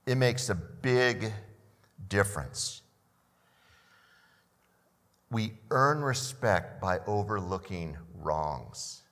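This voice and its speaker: A man's voice: fairly low pitch, fairly bright tone, in a large hall. An older man preaching a sermon as a pastor, often repeating the first words of a phrase and asking the listeners questions.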